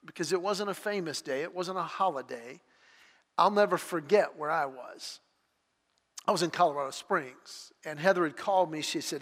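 Bright-voiced man preaching in a hall. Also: fairly high pitch, normal speed. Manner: confessional storytelling, swings from loud to hushed. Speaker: speaker. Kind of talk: sermon.

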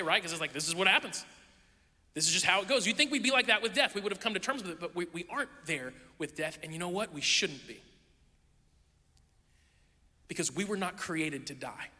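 A man's voice: high-pitched, sharp tone, big-room sound. A man preaching a sermon as pastor, telling the story conversationally with playful asides.

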